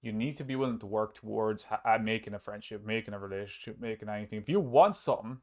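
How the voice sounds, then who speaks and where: A man's voice: on the low side, quick pace. A man hosting a casual podcast chat, rambling with frequent restarts and casual swearing. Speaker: podcast host and streamer.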